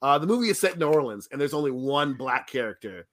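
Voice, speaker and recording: Bright-voiced animated man. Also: mid-range voice, fast. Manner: animated, joking, complains with laughs. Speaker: podcast co-host. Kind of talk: casual chat, film review.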